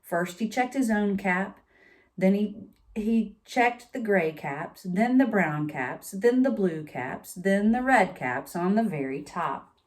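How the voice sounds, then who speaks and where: A woman's voice: medium pitch, expressive, takes it slowly. A woman reading a picture book aloud to children, with chatty asides to her young listeners. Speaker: storytime reader.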